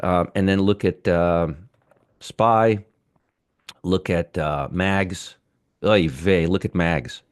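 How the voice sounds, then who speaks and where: A man's voice: deep voice, lively intonation, unhurried. A man hosting live market commentary, ranting sarcastically and muttering over charts as he reads them.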